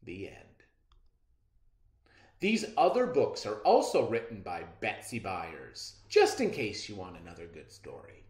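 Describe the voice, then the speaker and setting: Expressive man reading a children's book. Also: on the low side. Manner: expressive, unhurried storytelling. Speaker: storybook reader. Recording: roomy echo.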